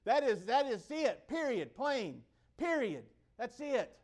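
A man's voice: extremely high pitch, sing-song, slow, a little mellow. A man from the United States preaching a sermon, emphatic and repeating his key phrases for weight.

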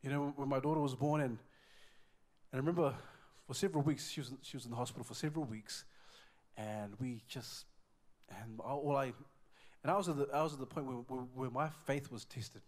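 A middle-aged man from New Zealand preaching a sermon with passion, swinging from loud exclamations to quiet, intimate asides. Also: mid-range voice, fairly quick. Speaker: pastor.

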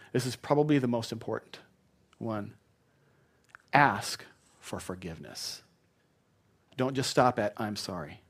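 A middle-aged man preaches from a church pulpit, his voice sitting in an ordinary middle pitch. He talks plainly, then acts out quoted apologies and excuses with lively shifts of voice. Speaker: pastor. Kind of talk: sermon.

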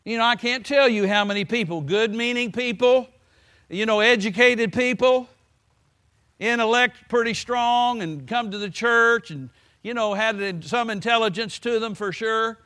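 A man's voice: very high voice, measured pace, sharp tone. A man preaching a sermon in a folksy way, stretching words for emphasis and breaking in with "hallelujah.". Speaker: pastor.

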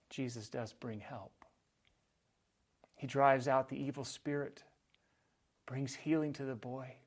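A man preaching a sermon in a slightly higher voice than most men. He speaks slowly and deliberately, letting key phrases fall away to a near hush. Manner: measured preaching, dropping soft on key phrases. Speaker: pastor.

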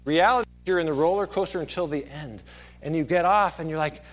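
A man in his thirties preaching a sermon, conversational and digressive, often dropping suddenly to a quiet voice. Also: a little high, fairly quick. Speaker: pastor.

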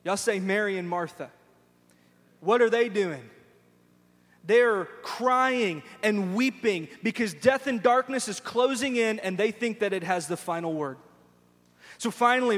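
Animated preacher in a big hall. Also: male voice, high-pitched. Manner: animated storytelling preacher who acts out voices. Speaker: pastor. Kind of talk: sermon. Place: large church sanctuary. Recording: long hall reverb in a church.

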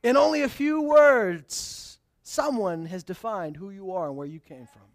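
High-voiced man preaching a lively sermon. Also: measured pace, vocal fry. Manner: conversational storytelling that builds to emphatic declarations. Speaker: pastor.

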